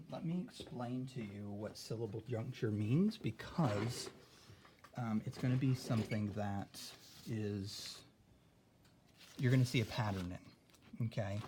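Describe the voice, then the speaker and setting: A man's voice: lowish voice, background noise. A man teaching a recorded spelling lesson, explaining patiently and checking in with "okay?" after nearly every point. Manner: explains slowly, adds "okay?" often.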